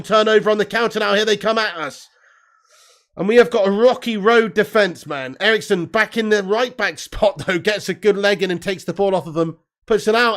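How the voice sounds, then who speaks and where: A man hosting a live football watch-along, reading viewer chat aloud and commentating with lots of swearing and laughter. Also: sits high. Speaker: host.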